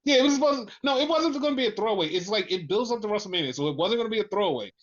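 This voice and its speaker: Excited, profane man on a lo-fi mic. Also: sits high, rapid-fire. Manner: excited, profane, repetitive storytelling. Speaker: podcast co-host. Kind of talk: casual wrestling review chat.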